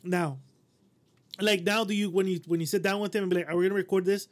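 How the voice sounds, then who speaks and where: A man co-hosting a podcast in casual chat, teasing and asking quick joking questions. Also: high voice, steady tone. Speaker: podcast co-host.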